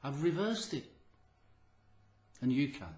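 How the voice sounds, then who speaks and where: A man's voice: medium pitch, sing-song, takes it slowly, darkish tone, reverberant. A man giving an earnest, emphatic motivational talk to camera about his health, repeating key phrases and sounding short of breath. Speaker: health vlogger.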